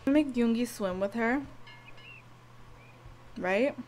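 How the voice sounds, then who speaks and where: A woman giving casual gameplay commentary, cursing and shouting at the game and speaking to viewers in slangy talk. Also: a little high, slow, a little hiss or hum. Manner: profane, loud outbursts at the game; slangy, talks to viewers directly. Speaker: gameplay video host.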